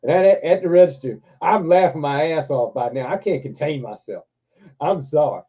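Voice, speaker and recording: A man's voice: fairly high pitch, normal speed, dark tone, breathy edge. A man hosting a live stream, telling a story in a casual chat, laughing often and swearing freely.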